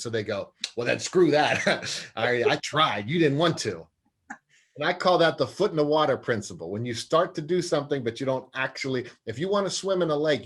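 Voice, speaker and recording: A man in his forties, a sports psychologist talking as an interview guest, earnest and expansive, often laughing at himself. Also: mid-range voice. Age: 40s. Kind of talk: conversational interview.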